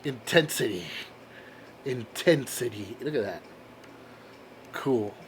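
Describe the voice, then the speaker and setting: A man's voice: mid-range voice, expressive, slow, slight background noise. A man chatting casually in a vlog as he shows off a comic book haul, enthusiastic and laughing at his own jokes. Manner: enthusiastic, exclaims over covers.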